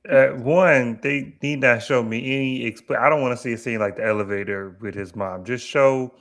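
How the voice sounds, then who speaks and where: A man co-hosting a casual TV recap chat, talking in a halting, conversational way with many restarts. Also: mid-range voice, fairly bright tone. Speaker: podcast co-host.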